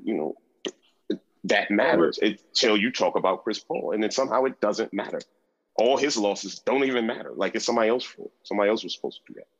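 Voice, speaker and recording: A man's voice: sits low, highs cut off. A man co-hosting a casual sports podcast, talking in a blunt, profane and opinionated way. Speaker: podcast co-host.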